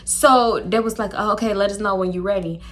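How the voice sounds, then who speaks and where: A young woman telling a casual storytime, chatty and animated, acting out quoted dialogue with laughs. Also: mid-range voice, fairly quick. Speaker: storytime YouTuber.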